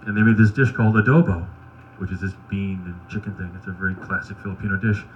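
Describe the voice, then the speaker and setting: A man doing stand-up, telling wry, crude anecdotes in a deadpan way. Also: deep voice, fast talker, lo-fi sound, slight background noise. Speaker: stand-up comedian. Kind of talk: stand-up storytelling at an open mic.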